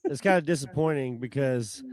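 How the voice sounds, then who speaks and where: A man co-hosting a podcast who chats in a laid-back, halting way. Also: mid-range voice, a little mellow, no room sound. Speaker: podcast co-host. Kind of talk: casual chat.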